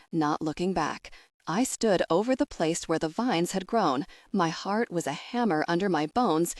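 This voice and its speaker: A woman narrating a first-person audiobook in a measured, expressive way. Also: on the low side, no echo, studio quality.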